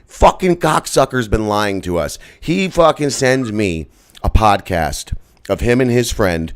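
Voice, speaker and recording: A man's voice: on the low side, animated, a little slow. A man co-hosting a podcast, ranting and mocking with heavy profanity in casual chat. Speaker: podcast co-host.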